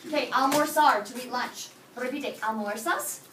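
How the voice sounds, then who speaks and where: A woman teaching Spanish to a high school class, energetic and playful, drilling students with call-and-response in a classroom. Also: normal speed, noisy background. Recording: echoey classroom, mic far off.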